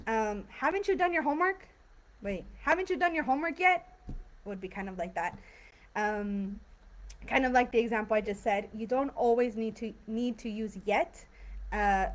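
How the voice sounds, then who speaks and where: A woman teaching an online English grammar class, explaining patiently with lots of fillers and frequent "right?" checks. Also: fairly high pitch. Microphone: video call.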